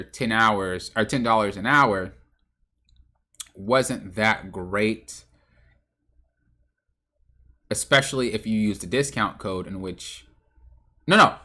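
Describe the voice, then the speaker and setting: On his own podcast, a man who coaches games tells a loose, rambling story in a bright, forward voice. His pitch swings widely, and he stumbles, restarts sentences, and corrects himself mid-thought in casual, unscripted talk about coaching games.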